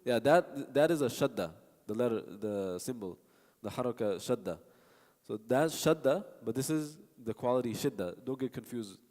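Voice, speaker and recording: A man's voice: medium pitch, expressive, moderate pace, darkish tone. A man teaching a recitation class, explaining patiently and stopping to demonstrate sounds and answer students. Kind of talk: classroom teaching with spoken examples. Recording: long hall reverb.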